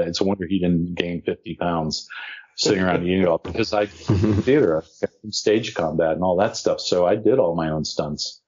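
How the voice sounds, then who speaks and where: A man, an actor, telling animated anecdotes as an interview guest and laughing now and then as he talks. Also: sits low, lo-fi sound. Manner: animated storyteller, laughs mid-story.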